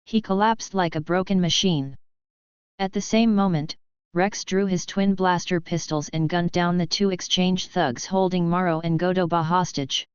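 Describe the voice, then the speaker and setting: A woman narrating fan fiction as a storybook reading, in an even, measured way. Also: lowish voice, clear, resonant tone, no room sound. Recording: slightly dull, dry sound.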